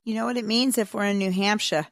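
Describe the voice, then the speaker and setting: A woman co-hosting a casual motorsport chat, talkative and quick to laugh. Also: medium pitch, steady tone, no echo, studio quality. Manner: chatty, laughs easily, wraps up the show. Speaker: motorsport podcast co-host.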